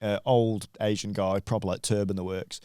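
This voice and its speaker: A man's voice: fairly low pitch, flat delivery, moderate pace, warm tone, clear, resonant tone, no room sound, clean studio sound. A young man, a podcast guest telling anecdotes casually and swearing freely. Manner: laughing, swearing, storytelling with quoted voices.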